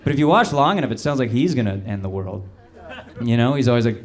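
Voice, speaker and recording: A man doing a stand-up set, telling stories in a laid-back, deadpan way. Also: mid-range voice, fast, some chatter behind. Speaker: stand-up comedian. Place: comedy club stage. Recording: loud audience noise in a club. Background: audience laughter.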